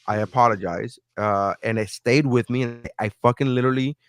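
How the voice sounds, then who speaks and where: A man co-hosting a podcast in casual chat, ranting and swearing in an animated way. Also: medium pitch, brisk, clean tone, no echo. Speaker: podcast co-host.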